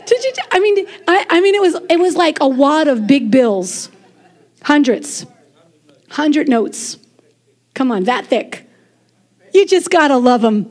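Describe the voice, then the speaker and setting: High-voiced woman preaching with animation. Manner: animated, conversational preaching with quick asides and laughs. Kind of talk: lively sermon.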